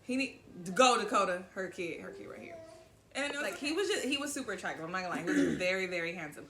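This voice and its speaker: A woman from Southern California telling a story in a casual chat, animated and profane, acting out what people said. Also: medium pitch, quick pace, reverberant. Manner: animated, profane, acts out quoted lines.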